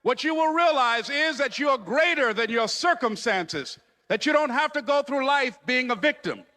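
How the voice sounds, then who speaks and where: A man delivers a motivational speech in a high, bright voice, hammering each phrase with a preacher's repetition. The sound carries a long reverb from a big hall. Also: lively intonation, moderate pace. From United States. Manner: emphatic, repetitive preacher-like cadence. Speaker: motivational speaker.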